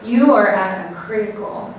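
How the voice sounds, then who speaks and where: A woman giving a live talk to an audience, animated, acting out little quoted voices and often checking in with the crowd. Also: mid-range voice, measured pace. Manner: animated, acts out quoted voices, keeps asking "right?". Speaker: speaker at an event. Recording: very echoey room, mic far off, faint noise.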